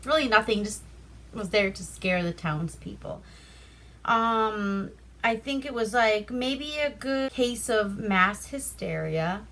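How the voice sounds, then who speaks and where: Alaska woman rambling thru a movie recap, slow and easy, bright voice, swears a lot. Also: mid-range voice, expressive. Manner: loose, chatty retelling with profanity and fillers. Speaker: movie reviewer.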